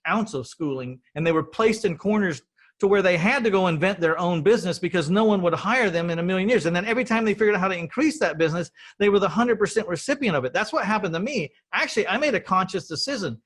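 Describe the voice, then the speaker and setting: A man's voice: high-pitched, expressive, fast talker, a bit bright. A middle-aged man hosting an interview, telling his story in a rambling, earnest way and often repeating words. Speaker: podcast host.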